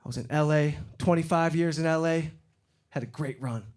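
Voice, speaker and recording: High-voiced middle-aged stand-up comedian. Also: male voice, moderate pace. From Detroit. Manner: loud animated bits when acting out others. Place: comedy stage before a live audience. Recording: live show with loud crowd laughter. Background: crowd laughing.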